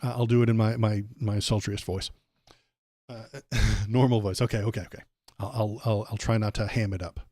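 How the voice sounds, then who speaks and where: A livestream host, a man, speaking close to a dry desk mic. His voice sits low and mellow, and his talk is blunt and sarcastic, tipping into rants. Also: steady tone, normal speed, no room sound. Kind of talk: ranting livestream commentary.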